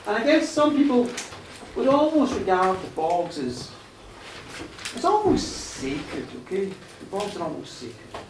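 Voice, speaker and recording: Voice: mid-range voice, big pitch swings, unhurried, background noise. An Irish storyteller talking chattily to a live audience in a bar, laughing at their own jokes. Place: bar stage, live show. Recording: roomy live bar, distant mic.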